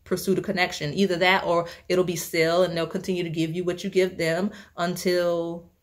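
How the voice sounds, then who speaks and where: A young woman talks through a tarot reading in a loose, rambling way. She uses lots of fillers and restarts and laughs often, and her voice sits a little low for a woman. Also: little pitch movement, normal speed. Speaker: tarot reader. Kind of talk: casual spoken tarot reading.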